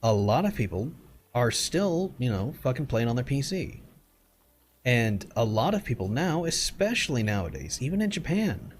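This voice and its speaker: A man's voice: mid-range voice, sing-song, moderate pace, slight background noise. A young adult man streaming from home, chatting casually and bluntly while gaming, swearing freely and rambling through his complaints.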